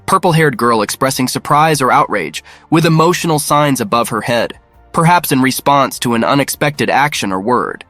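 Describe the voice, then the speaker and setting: Male narrator, mid-pitched, even matter-of-fact read, dry close sound. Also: moderate pace, dry recording, soft background music. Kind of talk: scripted narration.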